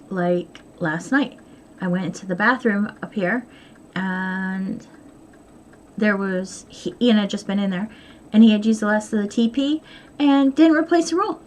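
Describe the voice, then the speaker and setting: A woman's voice: mid-range voice, darkish tone, slight background noise. A middle-aged woman chatting candidly to camera in her home sewing room, rambling and poking fun at herself. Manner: candid, rambling, self-deprecating. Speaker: vlogger. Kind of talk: casual chat.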